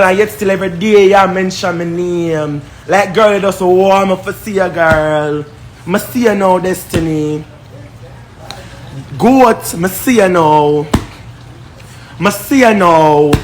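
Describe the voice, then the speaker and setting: A man's voice: high-pitched, slight background noise. A man with a Jamaican accent, ranting on a live stream in a confrontational, repetitive, scornful way. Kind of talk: heated live-stream rant.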